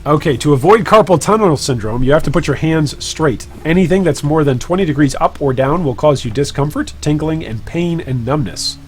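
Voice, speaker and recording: A man's voice: fairly high pitch, animated, fairly quick, hardly any pauses, a little hiss or hum. A man hosting a casual live stream while trading, joking about himself and chatting with viewers. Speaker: gaming streamer and guild leader.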